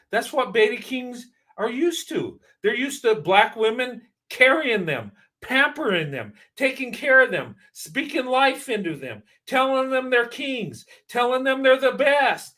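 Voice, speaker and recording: A man's voice: very high voice, bright, forceful tone. A man hosting a reaction video, giving casual commentary in an emphatic, preachy way and repeating points for stress.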